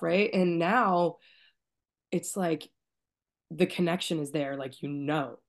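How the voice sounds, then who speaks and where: A woman with a low-pitched voice shares a deeply personal story as a guest. She speaks softly and emotionally, at times near tears, and her phrases trail off into quiet murmurs. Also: takes it slowly, gravelly, long pauses. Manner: soft-spoken, tearful at times, trailing off quietly. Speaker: podcast guest.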